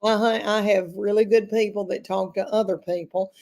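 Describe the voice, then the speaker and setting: A woman's voice: mid-range voice, fairly even intonation, normal speed, a little mellow. A woman, chatting folksily as a comedian guest. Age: 50s. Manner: folksy and self-deprecating, calls people honey. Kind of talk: casual chat.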